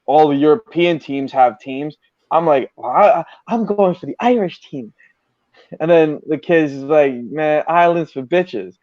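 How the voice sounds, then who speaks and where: A man tells stories in casual podcast talk, swearing freely and animated in his delivery. His voice sits a touch high. The recording is dry and a little muffled. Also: measured pace, dry recording. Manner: profane, animated storyteller. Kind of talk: casual storytelling chat.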